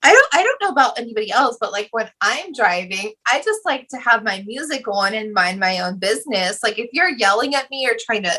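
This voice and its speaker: A high, bright female voice that swings up and down with animation. She co-hosts a casual podcast chat, talking bluntly and swearing freely. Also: expressive, fairly quick, hardly any pauses, low-quality recording. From Indiana. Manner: blunt, profane, laughing. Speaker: podcast co-host.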